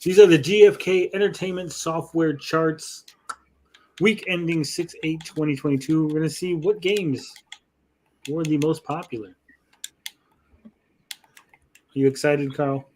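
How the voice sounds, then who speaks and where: A man's voice: a little high, fairly even intonation, a little slow, pauses often, a little mellow, a little hiss or hum. A man hosting a casual live gaming-news stream, loose and joking and swearing freely. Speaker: host.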